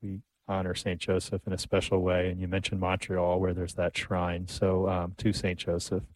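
Male radio host, low voice, easygoing, some fillers, dry studio sound. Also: monotone, moderate pace, no echo. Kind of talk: faith radio talk.

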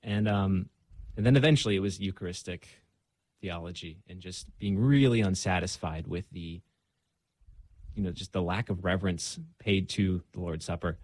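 A man's voice: low-pitched, moderate pace, darkish tone, no room sound. A young man speaking as a guest in a casual conversation, earnest and reflective, with frequent fillers.

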